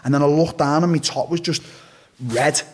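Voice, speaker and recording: A man's voice: on the high side, fairly even intonation, moderate pace, a little mellow, slight background noise. A man, an interview guest, telling a story in a blunt, profane, casual way and acting out what people said. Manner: blunt and profane, with acted-out quotes.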